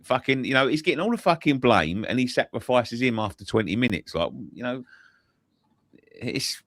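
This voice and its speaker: A man, swearing a lot as he tells animated stories in a casual post-match football chat. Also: mid-range voice, normal speed, no echo. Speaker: football fan pundit.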